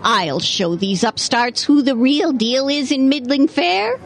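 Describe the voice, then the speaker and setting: A woman's voice: high voice, animated, a little slow, slight background noise. A woman playing a haughty, stingy hotel owner. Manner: haughty, bossy. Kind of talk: audio drama acting.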